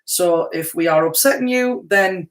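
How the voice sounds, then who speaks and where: A woman's voice: fairly low pitch, unhurried. A woman co-hosting a casual live stream who teases her partner and reads viewer comments aloud. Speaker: co-host and chat moderator.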